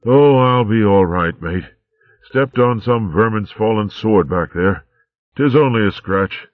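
A man voicing a tough, friendly male otter chieftain in a storybook, with rough, homely seafaring talk. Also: fairly low pitch, animated, unhurried, dry recording, pitched above the performer's own voice. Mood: shrugging off. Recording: tinny narrow-band recording.

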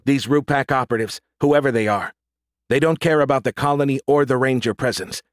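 A sharp, commanding young woman barks urgent orders over the radio, as a male narrator puts her on with a lifted voice. She is brisk and clipped in an audiobook reading. The recording is dry and close. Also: medium pitch, dry recording, pitched above the performer's own voice, lightly acted.

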